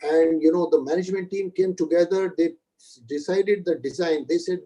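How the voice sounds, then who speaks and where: A man's voice: on the high side, steady tone, moderate pace, mellow, low-quality recording. A middle-aged man giving a motivational keynote talk to students, addressing them directly and telling anecdotes. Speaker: keynote speaker.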